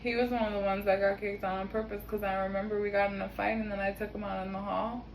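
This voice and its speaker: A woman's voice: medium pitch, little pitch movement, fast talker, creaky, poor audio. Young woman, casual storyteller, laughs a lot, swears, faint background noise. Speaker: vlogger. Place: home kitchen.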